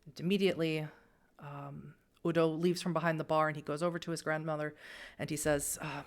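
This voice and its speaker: A woman runs a tabletop horror game as storyteller. She narrates casually with plenty of fillers, in a slightly low voice. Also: little pitch movement, a little fast. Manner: chatty, laughs often, many fillers. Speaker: game master.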